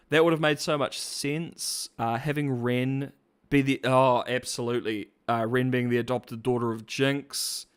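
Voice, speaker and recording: A man's voice: medium pitch, steady tone, measured pace, clear, resonant tone. A man hosting a casual commentary vlog, rambling with slang, fillers and restarts. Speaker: host.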